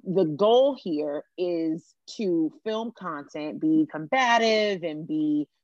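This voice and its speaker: A woman's voice: deep voice, expressive, slow pace, darkish tone, no echo, highs cut off. A woman hosting a podcast, talking earnestly in long winding sentences in casual pop culture chat. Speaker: podcast host.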